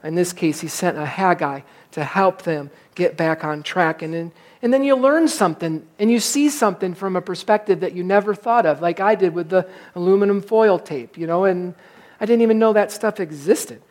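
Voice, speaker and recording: A middle-aged male pastor preaching in church, telling a personal story in an animated, self-mocking way and acting out his frustration. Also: high-pitched, moderate pace.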